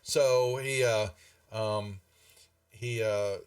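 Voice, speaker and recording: A man's voice: on the low side, steady tone, very slow, clear, resonant tone, far from the mic. A man narrating a tabletop game as game master in a rambling, filler-heavy way.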